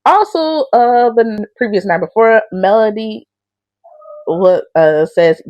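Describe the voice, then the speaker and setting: A woman's voice: mid-range voice, takes it slowly, no echo. A woman talks through the week's reality show drama in a casual, unfiltered way and swears freely. Her voice rises and falls a lot while she tells the story. The sound is close and dry, with no room around it. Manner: blunt, profane, animated storytelling. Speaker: reality show recap host. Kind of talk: casual recap commentary.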